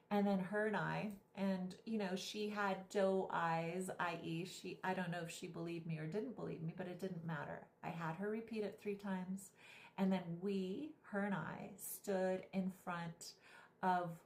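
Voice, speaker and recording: A woman's voice: fairly low pitch, darkish tone. A woman vlogger and spiritual guide who tells a story animatedly and acts out the people she quotes. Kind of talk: storytelling vlog. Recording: echoey room.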